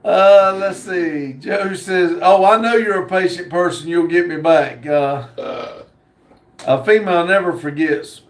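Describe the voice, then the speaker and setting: A man hosting a casual livestream, reading viewer comments aloud in an unhurried, joking way with frequent pauses. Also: high voice. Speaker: livestream host. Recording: roomy echo.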